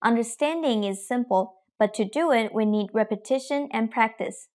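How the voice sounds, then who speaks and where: A young adult woman teaching Mandarin pronunciation in a scripted lesson, speaking slowly and carefully, demonstrating sounds. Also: on the high side, darkish tone.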